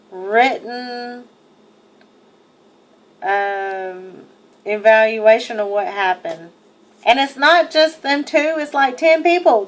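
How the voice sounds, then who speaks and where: A young woman giving an indignant, emphatic first-person account while narrating over video, swearing freely. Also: high-pitched. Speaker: person narrating her own arrest footage.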